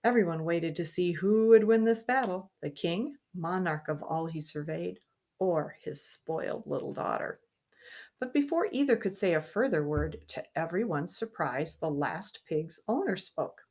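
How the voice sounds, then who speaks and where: Woman reading a children's story aloud. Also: on the low side. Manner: expressive, pausing to explain to children. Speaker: storybook reader.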